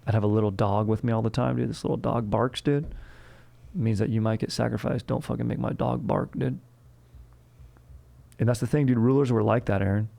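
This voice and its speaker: A man's voice: medium pitch, fairly even intonation, a little fast, gravelly, mellow. A young man hosting a comedy history show, rambling in a slangy, profane way and calling everyone dude and bro. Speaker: comedy history podcast host.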